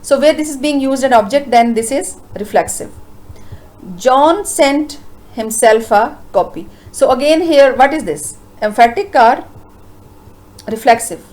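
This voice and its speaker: Woman teacher, slightly high voice, patient grammar explainer with lots of "uh"s. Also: a little mellow, poor audio. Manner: explains slowly with frequent uh fillers, asks rhetorical questions. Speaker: English teacher. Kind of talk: grammar lesson lecture.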